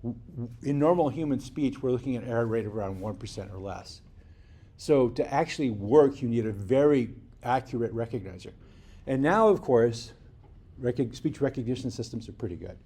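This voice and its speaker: A husky, dark-toned man with a mid-range voice talks at a normal speed with lively intonation. His university lecture in a lecture hall is conversational, full of restarted sentences and rhetorical "right?" check-ins with the class.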